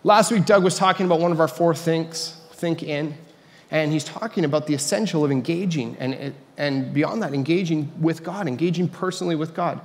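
A man's voice: a little high, normal speed. A man preaching a casual, conversational sermon as a pastor, with joking asides. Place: church sanctuary. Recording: reverberant church hall.

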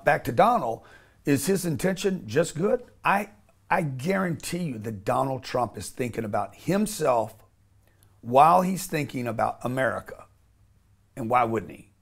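A man's voice: mid-range voice, lively intonation, normal speed, vocal fry, husky. A man speaking as an interview guest, blunt and emphatic, often restarting and swearing casually.

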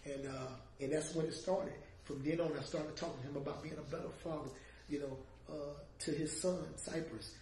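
A high-pitched middle-aged man tells a heartfelt story and voices each person he quotes. He sits back from the microphone in a reverberant room with a faint hiss behind him. The emotion builds and swells through his telling. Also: steady tone, moderate pace, darkish tone. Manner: vivid storyteller, voicing the people he quotes, with rising emotional swells. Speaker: former music manager telling a story. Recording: echoey room, distant mic, faint noise.

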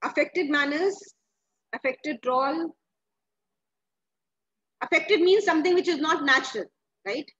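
A woman's voice: sits high, normal speed, fairly bright tone, muffled recording. A woman, a teacher explaining a story to her class, asking questions and often restarting her sentences. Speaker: English teacher.

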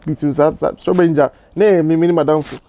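A man's voice: a little high, steady tone, fast, creaky, dark tone. A young Ghanaian man, a musician guest, telling stories in a casual interview and stumbling over many restarts. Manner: mixes Twi, Pidgin and English, many restarts.

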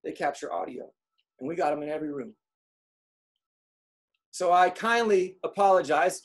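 A man giving a motivational talk to an audience, telling comic stories and acting out quotes in an animated way. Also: on the high side, normal speed, pauses often. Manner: animated storyteller, acts out quotes. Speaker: speaker.

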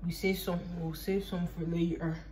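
A woman's voice: fairly low pitch, level tone, normal speed, a little mellow. Young woman, from Ireland, casual baking chat, jokey, rambling, swears, home kitchen, noisy recording. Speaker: vlogger.

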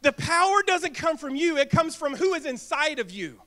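A man preaching a sermon in a church, energetic, asking the congregation questions and acting out little quips. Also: very high voice, normal speed. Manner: energetic, asks the crowd questions and acts out quips. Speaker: pastor. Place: church sanctuary.

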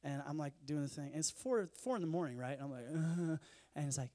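Fast and fairly high-pitched, a man tells self-deprecating, humorous stories throughout his conference talk. He stands on the stage as an animated speaker who gladly laughs at himself.

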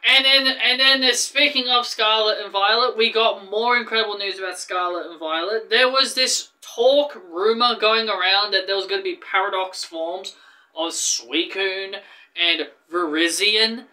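A gaming YouTuber eagerly runs through the latest news in a casual vlog, speaking a little slowly yet tripping over words and restarting often. His high, very bright and sharp voice sounds like it can hardly hold in his excitement.

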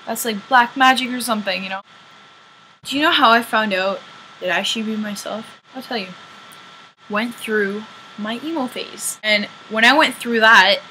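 A woman's voice: fairly high pitch, sharp tone, a little hiss or hum, poor audio. A Canadian woman vlogging to camera as a singer-songwriter, rambling through opinionated, joking asides in casual chat.

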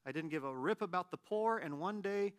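A man in his late thirties, a pastor giving a conversational sermon with animated, self-deprecating humor. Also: high voice, a little fast. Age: late 30s.

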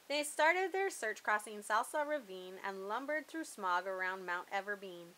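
A woman hosting a channel who reads a rhyming children's picture book aloud in a lively, sing-song way. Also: medium pitch, moderate pace, few pauses, rough recording. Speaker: storybook reader.

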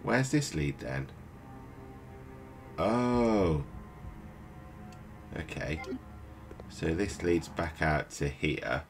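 A tired British let's play host, up at night, talks in an extremely low voice with lively intonation, extremely slowly and with long pauses. He rambles and mutters to himself in casual gameplay commentary while game music plays behind.

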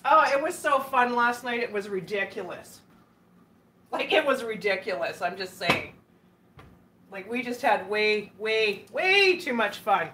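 Woman, live-stream host, slow unhurried talk, crisp bright tone, giggly and chatty, casual chat. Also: mid-range voice, big pitch swings, slight background noise. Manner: chatty, giggly, reads viewer comments aloud. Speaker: livestream host.

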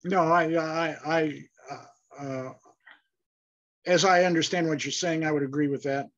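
A man's voice: on the high side, fairly even intonation, a bit bright. Man teaching a Bible class, lo-fi audio. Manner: thoughtful, halting, many fillers and restarts. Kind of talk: online Bible class lecture.

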